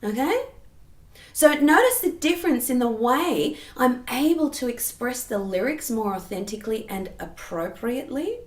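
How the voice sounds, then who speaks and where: A woman singing teacher explaining vocal technique patiently and clearly, often checking in with the listener. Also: fairly high pitch, expressive, normal speed, few pauses. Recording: roomy echo.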